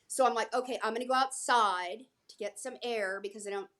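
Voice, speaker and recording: A woman telling anecdotes in a casual interview, animated and acting out what others said. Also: a little high, a little fast. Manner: animated, acts out quotes from others. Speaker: guest actress. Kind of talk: casual storytelling.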